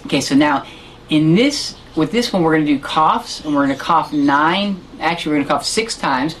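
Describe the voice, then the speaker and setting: A man teaching a harmonica lesson, explaining technique in a relaxed way and correcting himself as he goes. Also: on the high side, moderate pace, a little hiss or hum, rough recording. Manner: demonstrates sounds and counts beats aloud. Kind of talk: instructional lesson.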